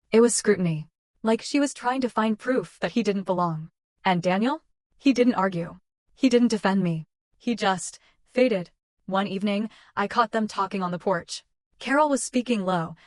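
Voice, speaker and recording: Young woman narrator, mid-pitched, clipped dramatic reading, dry close sound. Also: no echo. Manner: measured, clipped dramatic delivery. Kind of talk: scripted first-person story narration.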